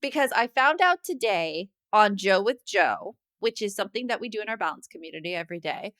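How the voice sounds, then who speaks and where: A woman co-hosting a parenting podcast, chatting casually and telling animated stories. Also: medium pitch, fairly quick, no echo. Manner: chatty storyteller, animated quoting. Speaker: podcast co-host. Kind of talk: casual chat.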